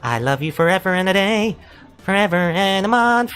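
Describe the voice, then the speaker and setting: A man voicing a shy teenage girl in a visual novel, using a nasally, high-pitched, sing-song voice. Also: big pitch swings, normal speed, fairly bright tone, soft background music.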